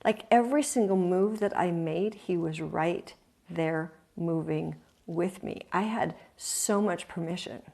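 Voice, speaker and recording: A woman speaking as host of her own talk, earnest and confiding, leaning on repeated phrases for emphasis. Her voice sits a little low with a gravelly edge. She tells the story candidly and openly. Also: unhurried, mellow. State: emotional, near tears at times.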